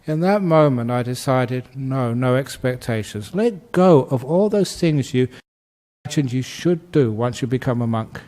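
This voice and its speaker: Buddhist monk guy giving a talk, easygoing and funny, laughs a lot, slightly high voice. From Australia. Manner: gentle, humorous, laughs often. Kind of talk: dharma talk.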